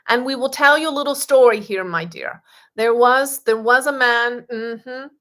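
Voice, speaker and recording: A woman giving a channeled spiritual teaching. She speaks as a collective "we", calls the listener "dear", repeats phrases, and often murmurs a soft "mm-hmm". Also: fairly high pitch.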